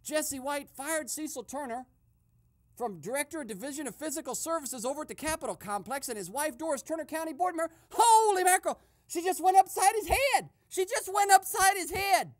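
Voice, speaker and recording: A woman voicing an excitable male radio host who eavesdrops and gives gossipy running commentary full of exclamations. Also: sits high, fairly quick. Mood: excited. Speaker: host and narrator. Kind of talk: comedic radio sketch narration.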